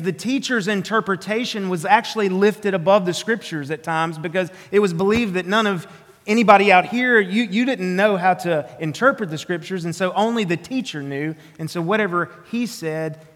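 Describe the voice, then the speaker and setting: A pastor with a Southern drawl and a high, fairly bright voice preaches an earnest, emphatic sermon, heard with a long reverb tail. He often restarts his phrases.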